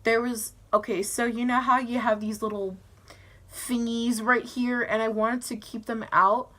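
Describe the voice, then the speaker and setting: Speaking at a measured pace in a level tone, this teenage vlogger has a bright, clear voice sitting on the high side. She talks to her camera at home, giggling through a loosely told story packed with "um" and "like," doing voices for the other characters.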